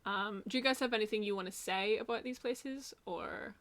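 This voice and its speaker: A woman's voice: medium pitch, moderate pace, a bit bright. A woman hosting a casual livestream, talking in a rambling way with many restarts. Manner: rambling, lots of fillers and restarts. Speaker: host.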